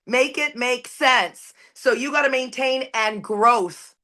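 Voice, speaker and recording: This Canadian woman's high voice moves slowly and has a sharp edge. Recorded at an online recovery meeting, she delivers a fervent, sermon-like share, driving her points home with blunt profanity.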